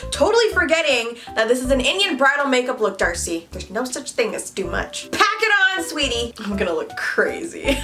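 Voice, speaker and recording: Lively, bright-voiced young woman vlogger. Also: a little high. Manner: playful, chatty, talks to viewers. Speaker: beauty vlogger. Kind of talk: casual makeup tutorial chat.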